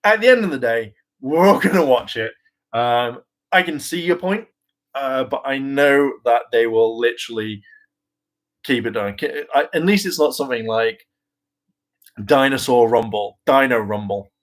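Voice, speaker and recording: A man of ordinary pitch chats loosely to his viewers. He wanders from one thought to the next with plenty of "um"s and "like"s. He mocks himself and swears now and then in an easy, offhand way. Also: normal speed, poor audio. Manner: chatty and self-mocking, with frequent fillers, laughs and mimicked voices; casual swearing. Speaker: vlogger and hopeful actor. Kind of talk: casual rambling commentary.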